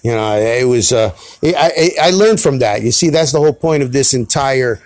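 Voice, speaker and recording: Rambling New podcast host, dry sound. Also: male voice, medium pitch, expressive, normal speed, a little mellow, dry recording. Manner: rambling, swearing, self-deprecating. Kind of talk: rambling solo podcast monologue.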